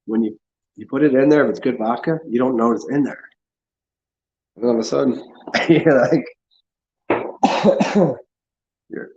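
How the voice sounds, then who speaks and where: On a lo-fi recording, a man with a darkish tone hosts a casual livestream. He rambles sarcastically and swears, mocking others in high, put-on voices.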